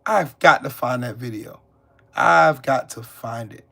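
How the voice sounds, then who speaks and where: A man's voice: mid-range voice, unhurried, creaky, pushed and bright, slightly rough. A man hosting a live stream, ranting angrily and cursing as he talks back to his chat. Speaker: livestream host. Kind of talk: angry live-stream rant.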